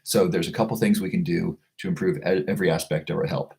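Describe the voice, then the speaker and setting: A man with a low, deep voice hosts a casual livestream. He reads viewer comments aloud and answers them in a loose, chatty way, often stumbling and repeating words as he goes. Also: fairly even intonation, quick pace, vocal fry, a little mellow. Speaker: livestream host selling a supplement.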